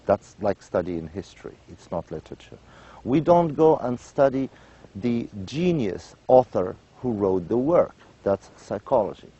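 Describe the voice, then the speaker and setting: A man giving a university lecture. He repeats key points, checks in with "right?" and pauses often on "um" and "uh". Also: mid-range voice, sing-song, dark tone, breathy edge, dull audio. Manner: many "um" and "uh" pauses. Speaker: literature lecturer.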